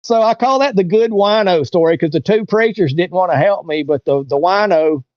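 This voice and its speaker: A man with a fairly high speaking voice tells his story as an interview guest. He rambles and jumps into the voices of the people he met. The sound is dull and lo-fi, with a dry, close feel. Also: moderate pace, a little mellow, dry recording. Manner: rambling, acts out other people's lines in raised voices.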